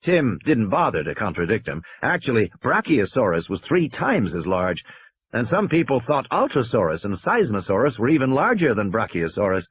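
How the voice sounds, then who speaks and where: A man narrating an audiobook with steady storytelling. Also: mid-range voice, moderate pace, a little hiss or hum. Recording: dry, slightly muffled recording.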